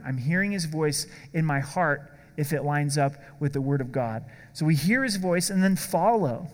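A man's voice: fairly high pitch, long reverb tail. A male pastor preaching a sermon in a conversational way, asking the congregation questions.

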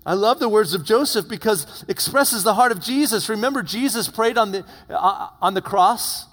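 A male pastor preaching a sermon, retelling a story dramatically and dropping to hushed tones for emphasis. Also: high-pitched, animated, moderate pace. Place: church. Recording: long reverb of a church hall.

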